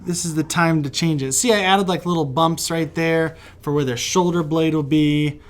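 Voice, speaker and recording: A man's voice: a little high, fairly even intonation, normal speed. A man from West Virginia, chatty and encouraging, teaching a children's drawing lesson while he sketches. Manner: friendly, chatty, encouraging, laughs often. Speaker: kids' art teacher.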